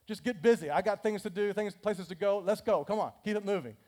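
A curt, no-nonsense male prophet, as a preacher puts him on, firing off quick orders in a raised voice. He has no patience for small talk. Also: high-pitched, a little mellow, close to an everyday voice. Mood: impatient. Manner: curt, hurried. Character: brisk, impatient male prophet, all business.

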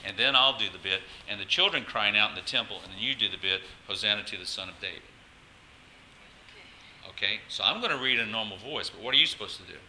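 Bright-voiced man preaching to a congregation. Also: lowish voice, fast talker, slight background noise, low-quality recording. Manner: animated, coaxing the congregation to join in. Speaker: pastor. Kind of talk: sermon. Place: church service with congregation.

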